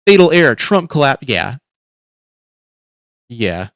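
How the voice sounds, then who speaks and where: A man's voice: medium pitch, sing-song, slow, a bit bright, dry recording, studio quality. A man hosting a livestream, ranting in casual commentary with heavy swearing and frequent restarts. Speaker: livestream host.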